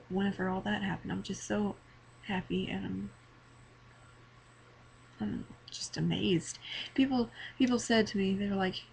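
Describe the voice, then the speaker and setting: Teen girl, vlogger; earnest, halting, close to tears, mid-pitched, faint room hiss, webcam mic. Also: rough recording. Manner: earnest, halting, repeats words. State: emotional, near tears. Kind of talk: personal testimony vlog.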